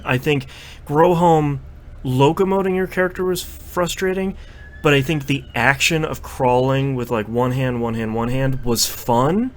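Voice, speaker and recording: A man co-hosting a casual chat, animated and quick to laugh. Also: on the high side. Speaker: podcast co-host.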